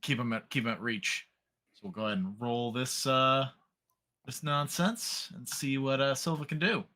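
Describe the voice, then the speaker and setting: A man's voice: mid-range voice, normal speed, bright, forceful tone. A man playing in a tabletop game, talking loosely with fillers and laughs. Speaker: player. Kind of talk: casual tabletop play.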